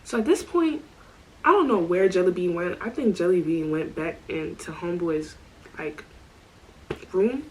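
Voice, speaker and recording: A woman's voice: on the low side, moderate pace, pauses often, rough recording. Chatty woman telling a story. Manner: animated, slangy, full of asides. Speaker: storytime vlogger. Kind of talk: casual storytelling.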